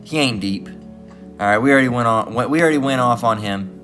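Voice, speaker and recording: A man's voice: mid-range voice, moderate pace, fairly bright tone, soft background music. A man giving rambling religious commentary, full of repeated fillers and restarts.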